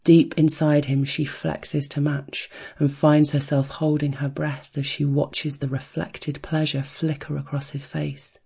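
Hushed, breathy erotic story narrator. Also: medium pitch, measured pace, few pauses. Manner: soft, hushed, rhythmic, chanting a steady heartbeat beat.

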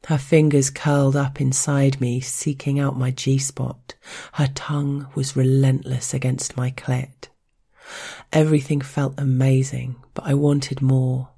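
A woman reads an intimate story very slowly, her voice husky and gravelly. The tone is mellow and dark, soft, and now and then drops into a whisper. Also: rumbling low, little pitch movement. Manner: soft, unhurried, partly whispered.

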